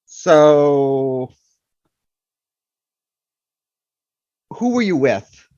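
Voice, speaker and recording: A man's voice: fairly high pitch, lively intonation, very slow, mellow, no room sound. An anxious husband, played by a man at a tabletop game presses his wife with earnest, shaky questions. The sound is dry and a little dull, with no room around it. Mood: probing.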